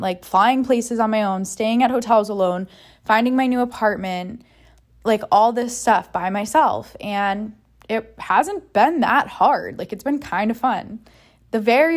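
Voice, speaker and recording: A woman talking in a candid personal monologue, emotional and frank, swearing freely and rambling with many "like" fillers. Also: mid-range voice.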